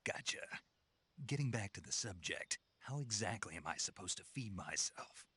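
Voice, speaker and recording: An actor playing a gruff male special forces soldier in a video game, speaking in a husky voice with dry, terse replies. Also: fairly low pitch, animated, moderate pace, pushed and bright, no echo, heavily acted. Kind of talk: video game cutscene dialogue.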